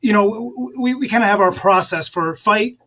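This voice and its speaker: A man's voice: high voice, brisk, background noise. A man talking earnestly as an interview guest, with stammering restarts. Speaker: guest, Amazon seller. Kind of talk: casual interview talk.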